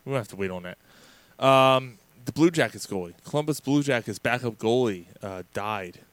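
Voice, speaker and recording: A man in a casual sports chat, telling stories with lots of energy, swearing freely and often restarting his sentences. His voice sits at a middling pitch. The recording is close and dry, with no room sound. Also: moderate pace, no room sound. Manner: animated storyteller, profane, many restarts. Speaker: podcast co-host.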